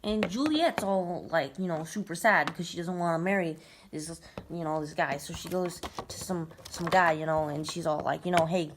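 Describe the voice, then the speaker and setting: A woman's voice: on the low side, normal speed. A young woman telling a comic, rambling retelling full of filler words. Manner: rambling, filler-heavy valley-girl talk. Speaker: storyteller. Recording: noisy recording with clicks.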